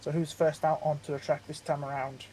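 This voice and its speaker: A man's voice: fairly high pitch, flat delivery, fairly quick, a crowd in the background. A man co-commentating an online racing league, chatting and predicting lap times with frequent restarts. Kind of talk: casual race analysis and banter.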